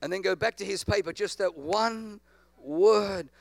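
High-voiced gravelly preacher man. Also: measured pace, dry recording. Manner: preaching with call-and-response to the congregation. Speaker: pastor. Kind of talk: sermon.

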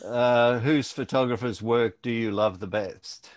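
A man co-hosting a podcast on a video call, speaking hesitantly with halting starts. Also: mid-range voice, no room sound. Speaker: podcast co-host. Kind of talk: casual podcast chat.

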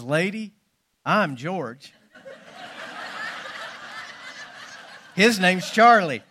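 A man's voice: sits high, bright, forceful tone. A man preaches a sermon. He tells folksy jokes and stories, leaning hard on his emphasis. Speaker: pastor.

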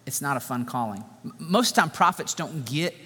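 Animated, joking male preacher. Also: fairly high pitch, brisk, slightly rough. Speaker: pastor. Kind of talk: sermon. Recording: echoey hall reverb.

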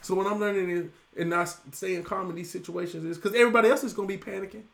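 A middle-aged pastor, preaching with a voice that sits high for a man. He keeps his sermon lively and loose, throwing call-and-response questions back at the congregation. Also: fast talker, vocal fry.

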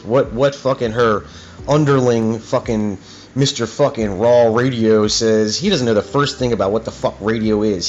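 A man hosting his own talk show, ranting in a heated, profane, rambling way. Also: medium pitch. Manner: profane, heated and rambling, with many "you know what I mean"s. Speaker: host. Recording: dull lo-fi recording with faint music.

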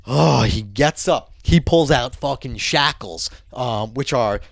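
A man telling a story in casual talk, animated and swearing often, acting out other people's voices. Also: medium pitch, slow pace, vocal fry, no room sound, clean studio sound.

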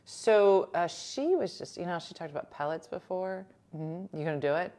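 A woman's voice: on the low side, moderate pace, mellow. A woman hosting a talk show, chatting casually and joking with her co-hosts. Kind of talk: casual chat.

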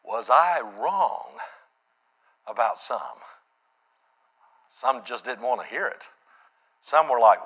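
Impassioned preacher man, bright tense voice. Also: a little slow. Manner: impassioned, swings from loud high peaks to quiet low reflection. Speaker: pastor. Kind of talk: sermon.

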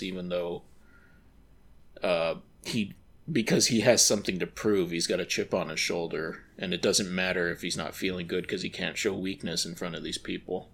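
A man co-hosting a podcast, rambling through a casual film discussion and breaking into quick impressions of characters. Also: low-pitched, gravelly. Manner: rambling, animated when mimicking characters. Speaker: podcast co-host.

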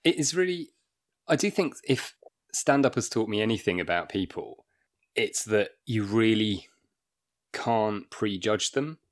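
A man, a stand-up comedian, chatting as a guest and telling lively anecdotes with frequent laughs. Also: fairly low pitch, measured pace. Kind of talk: casual chat.

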